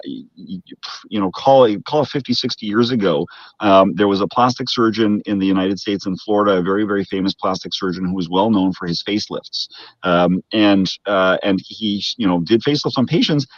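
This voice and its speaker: Measured Canadian surgeon, low dull voice. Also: male voice, no room sound. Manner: measured, methodical, with frequent restarts. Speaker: plastic surgeon guest. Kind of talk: explanatory interview answers.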